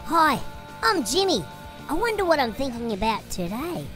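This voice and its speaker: A woman voicing Jimmy, a curious, eager young boy character on a children's church show, asking questions slowly. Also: sits high, big pitch swings, music in the background.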